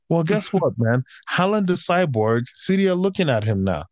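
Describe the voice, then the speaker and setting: A man's voice: a little high, sing-song, brisk, hardly any pauses, darkish tone, no echo. Exasperated man ranting, dry close sound. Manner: heated, profane, exasperated ranting; swings between raised outbursts and tired grumbling. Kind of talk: casual ranting chat.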